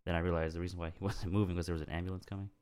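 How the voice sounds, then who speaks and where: A man with a very low voice talks at an extremely fast clip. He drops dry quips into a casual chat between friends. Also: little pitch movement, darkish tone, smooth.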